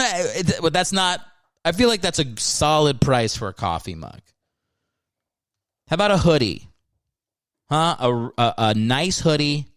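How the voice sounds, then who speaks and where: Dude doing a solo comedy podcast, snarky and sweary, mid pitch, dry sound. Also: male voice, a bit bright, clear, resonant tone, dry recording. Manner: sarcastic, profane, riffing. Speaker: podcast host.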